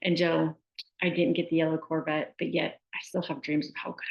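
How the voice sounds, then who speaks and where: Gravelly woman in an echoey room. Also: deep voice, flat delivery, fairly quick. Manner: chatty storyteller, frequent "like" and "right?". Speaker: sports nutrition specialist. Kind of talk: casual conversational advice. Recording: echoey room, dull lo-fi sound.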